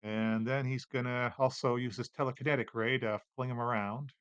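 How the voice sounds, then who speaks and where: A man narrating as game master of a tabletop game, relaxed, with many fillers. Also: mid-range voice, moderate pace, smooth, no echo, muffled recording.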